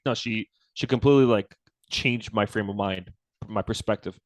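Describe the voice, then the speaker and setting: A man with a lowish voice recounts a story in a relaxed interview, slipping into the voices of the people in it with sudden jumps in pitch. The sound is close and dry, with no room around it. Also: normal speed, no echo. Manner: relaxed storyteller, acts out quoted dialogue with lively pitch jumps. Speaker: guest, company founder.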